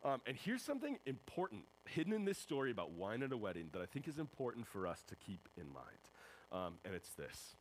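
Animated young man preaching to teens. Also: medium pitch, fairly quick, a little hiss or hum, poor audio. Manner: casual, animated, acts out voices in quotes. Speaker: high school pastor. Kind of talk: youth sermon.

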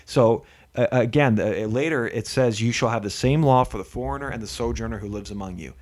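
A man co-hosts a casual podcast chat and makes his points emphatically. He reads verses aloud at a quick clip and laughs often. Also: mid-range voice, lively intonation, fairly bright tone. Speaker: podcast co-host.

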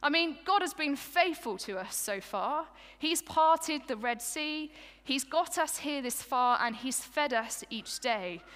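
A woman's voice: high voice, lively intonation, takes it slowly, fairly bright tone, in a large hall, exaggerated voice. Woman telling it as Moses, weary and exasperated. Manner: first-person storytelling, exasperated and pleading. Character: Moses, weary exasperated male leader of a grumbling people.

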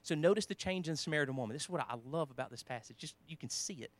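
A man preaching a sermon in a conversational way, with restarts, quoting scripture, swinging between emphatic lines and quiet asides. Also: a little high, expressive, racing, dry recording.

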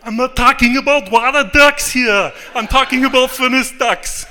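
A man's voice: very high voice, normal speed, voice pushed up. A man doing a barking, telemarketer. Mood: exasperated. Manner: loud, exasperated barking. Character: annoyed male telemarketer with a strongman's heavy accent.

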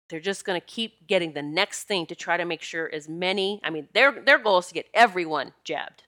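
Talking a little fast with few pauses, a woman with a lowish voice, big pitch swings and a bright, forceful tone addresses her viewers. The vlogger's casual to-camera monologue is emphatic, with frequent repetition to stress what she means.

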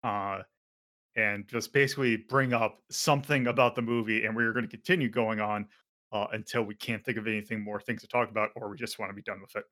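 A man's voice: on the low side, fairly even intonation, fairly quick, sharp tone. A man hosting a casual podcast, rambling with lots of fillers and self-corrections. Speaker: podcast host.

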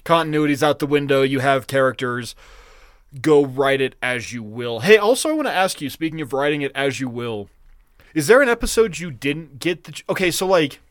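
A man co-hosting a podcast in casual chat, rambling, profane and excitable. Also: a little high, brisk, no echo, clean studio sound. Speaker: podcast co-host.

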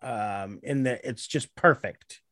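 A man's voice: mid-range voice, takes it slowly, a bit bright, no room sound. A man co-hosting a comedy podcast, blunt and opinionated, swearing freely in casual chat. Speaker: podcast co-host.

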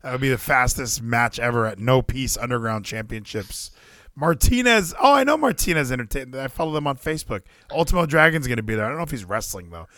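A man co-hosting a casual wrestling chat, ranting animatedly, swearing freely and acting out crowd shouts. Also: medium pitch, expressive, fast talker, dry recording, clean studio sound. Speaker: podcast co-host.

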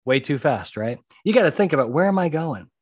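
A man with a husky, a little high voice speaks a little fast and very animatedly, giving advice as a podcast host and jury consultant. He repeats his key points emphatically in a conversational monologue, recorded dry at studio quality.

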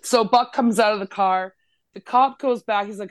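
A woman's voice: medium pitch, moderate pace, no echo. A Canadian woman tells a story on a podcast, swearing with abandon. She slips into the voices of the people she's describing as she goes. Her voice is close and dry, with no room sound. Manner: profane, animated, acts out voices in the story. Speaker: podcast co-host. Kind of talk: casual storytelling.

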